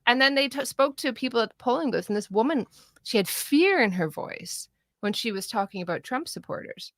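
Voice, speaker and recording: A woman's voice: on the high side, lively intonation, brisk, fairly bright tone, no room sound, clean studio sound. A woman from Canada, chatting animatedly in a casual political discussion, laughing often and mimicking the people she talks about. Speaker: political commentator.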